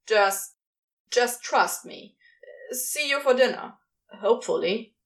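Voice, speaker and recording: A woman voicing an excitable male demon who talks in an eager, casual drawl. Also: a little high, slow. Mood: urgent. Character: brash excitable male demon, young-sounding.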